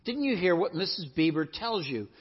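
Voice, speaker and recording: A man reading aloud as a gruff, insistent male beaver who speaks emphatically, recorded in an echoey hall with dull, lo-fi sound. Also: high voice, very animated, normal speed, exaggerated voice.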